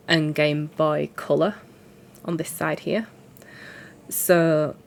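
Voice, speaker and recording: A woman with a deep voice, congested and sore-throated from a cold, chats casually about her cross-stitch. She rambles and pokes fun at herself, with a little hiss or hum in the recording.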